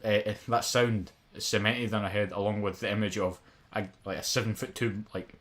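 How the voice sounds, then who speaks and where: A man's voice: lowish voice, fairly even intonation, moderate pace, fairly bright tone. A Scottish man in his twenties co-hosting a podcast, rambling and swearing in casual chat. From Scotland. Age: 20s. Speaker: podcast co-host.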